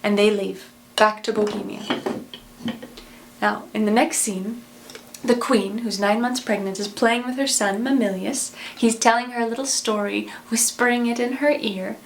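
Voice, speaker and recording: A woman casually retelling a play's plot in a lively, plain-spoken way. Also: a little high, moderate pace, a little hiss or hum. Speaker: storyteller.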